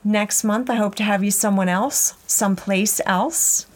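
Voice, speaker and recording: A middle-aged woman hosting a walking podcast outdoors, telling a personal story in a gentle, reflective way. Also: medium pitch, steady tone, measured pace. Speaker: podcast host. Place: outdoors on a ranch trail.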